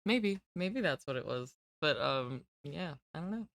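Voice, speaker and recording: A woman's voice: low voice, lively intonation, unhurried, gravelly, a bit bright, no echo. A woman streamer chatting casually with her viewers, rambling and giggling at herself. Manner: giggly, rambling, self-deprecating.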